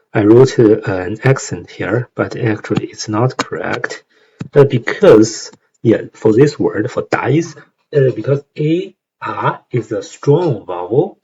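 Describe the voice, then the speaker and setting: A man's voice: on the low side, a little mellow, breathy edge, dull audio. A young man with a Chinese accent explaining lyrics in a casual tutorial, hesitant, with many fillers and tag questions. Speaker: language learner explaining song lyrics.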